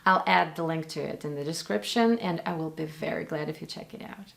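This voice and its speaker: A Russian woman, a native Russian speaker, comments on actors' accents in English with her Russian accent. Her voice sits a little low, with a gravelly, frayed edge. She talks in an animated, opinionated way, addressing her viewers directly. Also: brisk. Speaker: language and accent teacher. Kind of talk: casual commentary on film accents.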